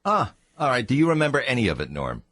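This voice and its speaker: A man's voice: medium pitch, huge pitch swings, fast, fairly bright tone, no room sound, clean studio sound. A man hosting a radio talk show, teasing his guest in a joking way and inviting listeners to call in. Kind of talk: casual radio interview. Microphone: studio microphone.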